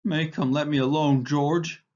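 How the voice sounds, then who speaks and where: A man's voice: a little high, level tone, a little slow, darkish tone, lo-fi sound, pitched above the performer's own voice. A man reading aloud, voicing a big, frightened, simple-minded man who pleads miserably. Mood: terrified pleading.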